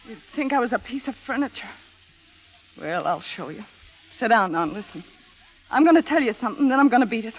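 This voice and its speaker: A woman's voice: a little high, big pitch swings, a little fast, long pauses, poor audio. An actress playing a hard-bitten young woman in an old radio drama, with tough, slangy talk. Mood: bitter defiant. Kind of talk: 1930s radio drama acting.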